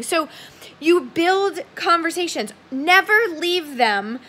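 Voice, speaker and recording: A young woman with a high, bright voice talks in a casual, upbeat coaching style. She sometimes slips into a livelier tone to act out example messages. Her delivery is friendly and energetic. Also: moderate pace. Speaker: direct sales consultant giving tips. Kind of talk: casual coaching talk to camera.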